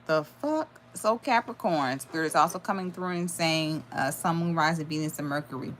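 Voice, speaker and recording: A woman with a deep voice gives a live tarot reading at a moderate pace, channeling messages aloud with sudden exclamations and blunt swearing. There's slight background noise behind her.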